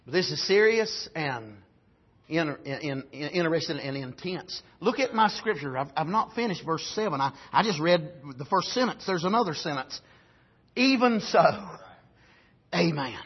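A man preaching a sermon, swinging from shouted exclamations to low, quiet asides. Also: animated, moderate pace, husky, highs cut off.

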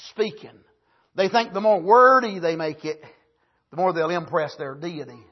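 A high-pitched male preacher with a husky, slightly breathy voice, delivering a sermon in swelling emphatic bursts and frequent amens. The recording is dull and lo-fi. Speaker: pastor.

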